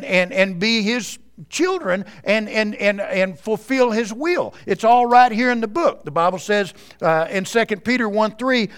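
Male pastor, high-pitched, earnest sermon, speaks straight to the congregation at a church service. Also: fairly bright tone, smooth. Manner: earnest, addresses the congregation directly.

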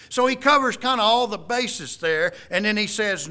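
A man's voice: high-pitched, normal speed, few pauses, bright, forceful tone, clean tone. A middle-aged man preaching a sermon, quoting scripture in an emphatic, folksy way. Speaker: pastor.

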